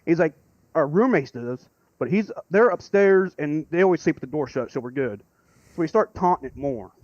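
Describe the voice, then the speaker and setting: A man calling in to tell a rambling story, excitable and swearing freely. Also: a little high, normal speed, no echo, lo-fi sound. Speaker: caller. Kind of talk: casual storytelling.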